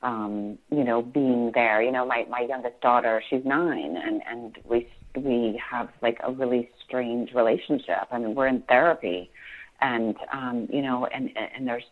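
Guest voice: woman in her 40s, low register, halting speech full of restarts, heard over a phone-thin line. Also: steady tone, phone-quality sound. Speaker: podcast guest. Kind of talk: emotional personal interview.

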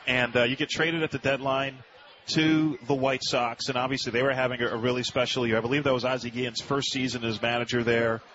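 A man's voice: medium pitch, little pitch movement, brisk. A man hosting a sports radio interview, leading in with long rambling questions full of fillers. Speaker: radio host. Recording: muffled radio audio with noise.

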